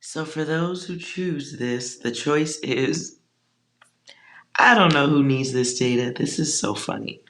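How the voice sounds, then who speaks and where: A tarot reader giving a casual collective reading, blunt and joking, with slangy asides and soft whispered side remarks. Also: mid-range voice, takes it slowly, a little hiss or hum.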